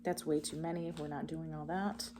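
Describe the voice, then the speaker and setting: A woman's voice: sits low, fairly even intonation, moderate pace, mellow, a little hiss or hum. A woman giving a casual spiritual card reading, enthusiastic and encouraging, talking straight to her viewers. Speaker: tarot card reader.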